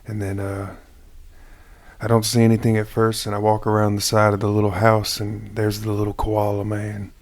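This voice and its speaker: Earnest lower-voiced man playing a tabletop game. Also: monotone, normal speed. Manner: earnest, pleading when in character. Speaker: player. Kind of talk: tabletop role-play.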